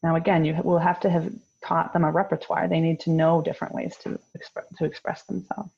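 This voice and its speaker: A woman in her thirties presenting a parenting workshop on a video call, explaining in a calm, firm way. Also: deep voice, a little fast, vocal fry, breathy edge. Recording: dull lo-fi video call audio.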